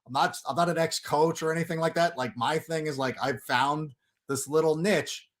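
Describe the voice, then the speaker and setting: A middle-aged man, a guest on a livestream, ranting in an animated, sarcastic way and throwing in loud mock quotes. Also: a little high, moderate pace. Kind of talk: casual chat on a livestream.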